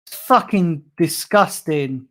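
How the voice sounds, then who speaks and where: Brief: young bloke, fan-channel host, livestream rant, fuming, heavy swearing, biting sarcasm. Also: male voice, on the high side, lively intonation, slow, fairly bright tone. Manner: angry, sweary, sarcastic ranting. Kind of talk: live-streamed fan rant.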